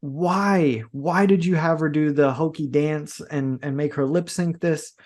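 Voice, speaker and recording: An earnest man co-hosting a podcast, building his argument step by step like a teacher. His voice sits a little higher than most men's. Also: a little slow, a little mellow. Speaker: podcast co-host. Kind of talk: casual chat.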